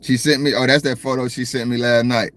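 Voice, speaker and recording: A livestream host sits in his parked car, chatting casually and joking with viewers as he reads their comments. He has a Southern American accent and a mid-range, slightly bright voice, delivered flatly and fairly fast, with a laid-back, direct manner.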